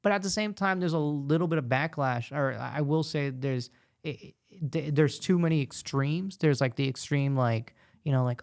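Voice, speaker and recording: A man who is a stand-up comedian and guest, talking casually and animatedly, telling stories with quick asides. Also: fairly high pitch. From United States. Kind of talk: casual podcast conversation.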